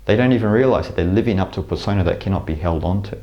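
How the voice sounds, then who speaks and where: This spiritual teacher has a low, dark voice and speaks at a racing pace, with the high frequencies cut off. Lecturing to camera, he reflects on spirituality with frequent fillers and restarts.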